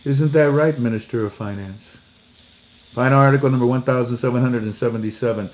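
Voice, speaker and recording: Reading news articles aloud at a fairly quick pace, a man in a mid-range voice mocks them with sarcastic jokes and little staged dialogues, laughing at his own humor in this casual commentary.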